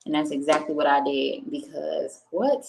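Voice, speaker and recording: A woman's voice: deep voice, fairly even intonation, moderate pace, gravelly, poor audio. A young woman streaming to her viewers, telling a personal story in a candid, emotional way, swearing freely and speaking. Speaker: streamer recounting a personal experience. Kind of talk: casual chat with viewers. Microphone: home streaming setup.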